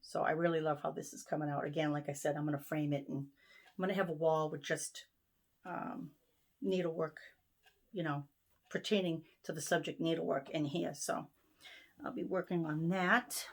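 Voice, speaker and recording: A woman with a Boston accent talks through her craft projects in a relaxed, rambling way, full of ums and quick restarts. Her voice sits a little low. She is recorded at home in her sewing room. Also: vocal fry. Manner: chatty, many ums and restarts. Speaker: stitching vlogger. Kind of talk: casual show-and-tell chat.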